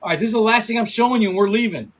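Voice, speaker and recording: A man in his fifties hosting a casual livestream. He laughs often, swears freely and gives quick shout-outs to viewers. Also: high-pitched, a little hiss or hum, poor audio. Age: 50s. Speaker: livestream host.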